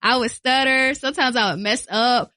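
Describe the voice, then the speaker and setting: Radio lady guest chatting in the studio, bright voice, dry close sound. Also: a little high, moderate pace, no echo. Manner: animated, acts out quoted voices, repeats phrases for emphasis. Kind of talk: casual interview chat.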